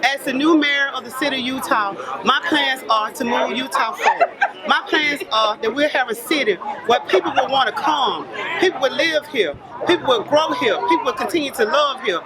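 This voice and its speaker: A woman's voice: high-pitched, lively intonation, moderate pace. A woman giving a fervent, emotional speech outdoors as the new mayor. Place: outdoors among a crowd. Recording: crowd noise behind.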